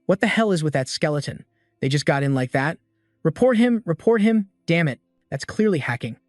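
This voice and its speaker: A man's voice: on the high side, a little fast, a little mellow, dry recording, studio quality, close to an everyday voice. A man reading a taunting rival player. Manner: mocking. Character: arrogant young male rival player, taunting.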